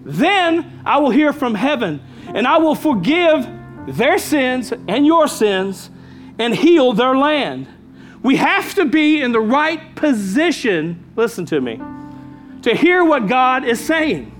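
A man's voice: very high voice, big pitch swings, slow, a bit bright. A pastor preaching a sermon, emphatic, repeating his key lines and calling out to the congregation, with faint music behind him. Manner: emphatic preaching with repeated phrases and call-outs.

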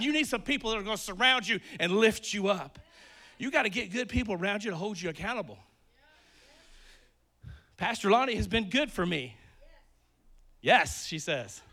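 A man with a very high-pitched voice preaches a sermon with lots of energy, swinging between loud emphasis and quiet asides. He sounds a bit out of breath.

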